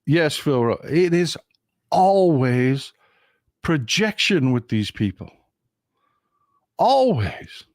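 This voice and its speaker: A man from Texas hosts a livestream of political commentary, getting over a cold. He talks in an indignant, animated way, with a pitch that swings widely, and he repeats phrases for emphasis. The sound is dry and close, with no room echo. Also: slow, pauses often. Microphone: desk mic at a computer for a livestream.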